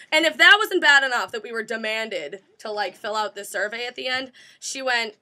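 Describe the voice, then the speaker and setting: Bright, lively young woman telling a story. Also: a little high, moderate pace, hardly any pauses. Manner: animated, imitates a presenter, laughs often. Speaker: guest storyteller. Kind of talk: casual comedic storytelling.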